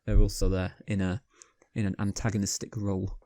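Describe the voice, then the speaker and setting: A man's voice: sits low, little pitch movement, dark tone. A man co-hosting a casual movie review chat, talking at length and explaining his views. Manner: fast, talkative, explains at length.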